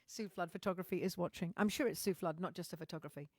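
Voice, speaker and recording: A woman's voice: on the low side, fast talker, darkish tone, dry recording, studio quality. A middle-aged woman with a Welsh accent, a musician chatting candidly to live viewers, swearing freely and often restarting her sentences. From Wales. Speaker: musician hosting a livestream. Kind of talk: casual chat to live viewers.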